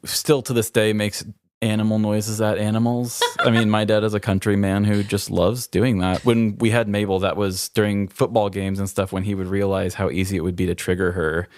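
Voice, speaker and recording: A man's voice: lowish voice, flat delivery, normal speed, a little mellow, no echo. A man co-hosting a podcast in casual chat, easygoing and laughing often. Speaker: podcast co-host.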